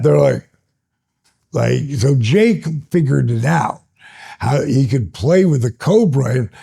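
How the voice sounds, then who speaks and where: A man in his sixties, a retired wrestler, telling stories as a guest in an interview in an animated, excitable way. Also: mid-range voice, vocal fry, slightly rough. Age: 60s. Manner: animated, builds stories up excitedly, laughs between phrases. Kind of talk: storytelling in an interview.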